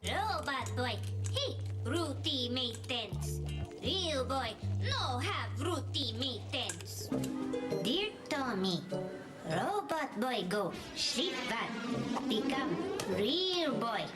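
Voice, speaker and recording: Cartoon robot boy, high and lively, slow clipped broken English, clip under loud music. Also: full character voice. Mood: earnest. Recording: sample played with music.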